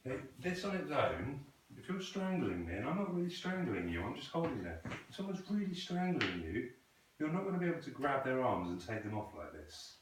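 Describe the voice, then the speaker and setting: A man's voice: mid-range voice, big pitch swings, brisk, few pauses, slight background noise. A man teaching a student krav maga, patiently correcting technique and asking questions in a training hall. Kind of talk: coaching a student in a class. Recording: echoey room, voice from a distance.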